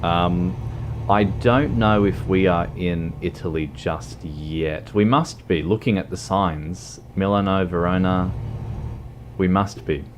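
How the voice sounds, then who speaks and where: Slow, deep-voiced hesitant male streamer. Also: slight background noise. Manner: hesitant, many ums and uhs. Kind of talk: casual livestream chat while gaming. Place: indoors at home, streaming in a fursuit.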